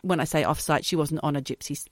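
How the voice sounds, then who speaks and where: A woman's voice: low-pitched, fast, no room sound. A woman co-hosting a podcast, chatting casually, telling stories and teasing her co-host dryly. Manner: chatty storyteller, dry teasing. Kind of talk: casual chat.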